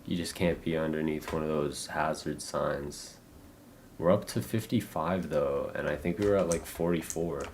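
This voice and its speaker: A young American man streaming a game, talking in a loose, halting, rambling way full of fillers and restarts. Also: rumbling low, fairly even intonation, darkish tone, slight background noise. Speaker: livestreamer. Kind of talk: casual rambling gameplay chat.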